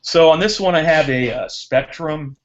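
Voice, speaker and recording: Chatty drone racer on a lo-fi call. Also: male voice, a little high, normal speed. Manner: chatty, animated storytelling. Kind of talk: casual chat on a live hangout.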